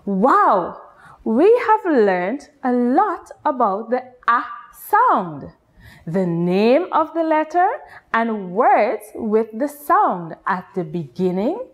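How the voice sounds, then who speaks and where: A woman with a Guyanese accent teaching a nursery class, speaking patiently and drawing out her words for young children. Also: fairly high pitch. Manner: patient, sing-song, drawn-out teacher talk with exaggerated rises. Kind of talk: slow, deliberate children's lesson.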